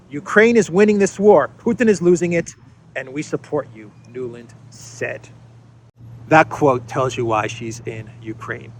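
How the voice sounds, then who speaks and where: A man hosting a casual news commentary, his voice sitting a little above the usual male range. He sounds sarcastic and mocking, and he pauses often with fillers as he talks things through. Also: fairly high pitch, a little hiss or hum. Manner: sarcastic and mocking, with frequent hesitations. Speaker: host of a political commentary channel.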